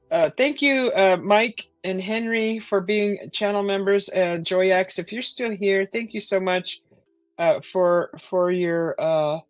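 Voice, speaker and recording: Woman streamer, slow and halting with lots of fillers, dry close sound, slightly dull lo-fi audio, faint music behind. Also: medium pitch, no room sound. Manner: hesitant, many fillers, excited whoops when thanking viewers. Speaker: live stream host. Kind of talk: casual live stream chat.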